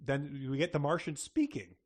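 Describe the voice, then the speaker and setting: A man co-hosting a podcast, hoarse from a cold, chatting casually in a rambling way with fillers and laughter. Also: fairly high pitch, animated, moderate pace, a little mellow. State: hoarse, getting over a cold. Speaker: podcast co-host. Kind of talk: casual chat.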